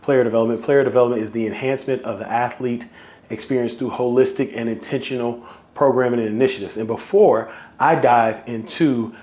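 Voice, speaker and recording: Excited man hyping his podcast audience. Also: mid-range voice, fairly quick. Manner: excited, repetitive, hype-driven. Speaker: podcast host. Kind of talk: solo podcast talk.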